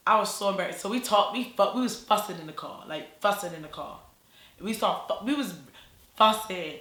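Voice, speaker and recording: A young woman from Baltimore with a Baltimore accent, telling a rambling, animated storytime full of "like" and slang. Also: medium pitch, normal speed, echoey room. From Baltimore, USA. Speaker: YouTuber. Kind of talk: casual storytime vlog.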